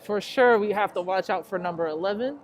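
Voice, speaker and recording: A woman doing play-by-play for a high school basketball game, nervous and excitable, chatting to listeners between plays. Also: fairly quick. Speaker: play-by-play announcer. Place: school gym during a game. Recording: noisy gym sound. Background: crowd ambience and bouncing basketballs.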